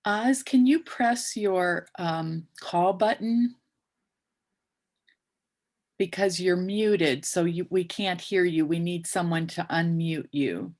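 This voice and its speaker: A woman hosting a memorial on a video call, polite and a little halting, with many fillers as she manages the call. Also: on the low side, darkish tone. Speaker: memorial host.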